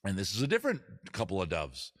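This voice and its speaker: A man's voice: low-pitched, wildly swooping pitch, fast, husky. A man hosting a music livestream from home, chatting in a rambling, jokey, self-deprecating way. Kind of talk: casual livestream chat.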